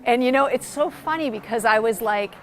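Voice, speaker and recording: A woman pastor telling a story in conversation, animated and excited, acting out quoted lines, with frequent "like" fillers. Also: a little high, a little fast. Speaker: pastor and church planter.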